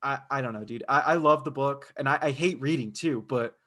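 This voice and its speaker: A man's voice: mid-range voice, fairly quick, bright, forceful tone. A man co-hosting a podcast in casual chat, rambling through a story with many restarts and "you know"s. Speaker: podcast co-host.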